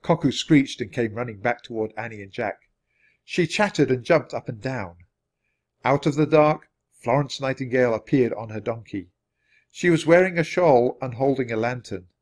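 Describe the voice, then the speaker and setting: A man with a voice of middle pitch narrating a children's chapter book. He reads at an even, natural pace and keeps the storytelling clear. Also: normal speed. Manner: steady, clear read-aloud pacing. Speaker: storybook reader.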